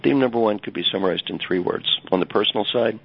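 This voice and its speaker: An older man, a leadership coach and guest, telling stories with animated emphasis over dull lo-fi audio. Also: lowish voice, fast talker, gravelly, husky. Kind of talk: storytelling interview answer.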